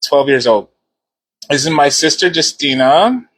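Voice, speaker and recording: A man's voice: on the high side, expressive, a little slow, fairly bright tone, breathy edge, rough recording. A man hosting a casual live stream, cheering viewers on and repeating his points as he chats into a phone.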